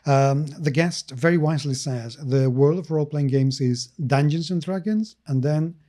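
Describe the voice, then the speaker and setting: A man co-hosting a casual gaming podcast, his voice pitched a little high and warm in tone. He talks with a sarcastic edge and keeps breaking into laughter. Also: normal speed. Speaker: podcast co-host.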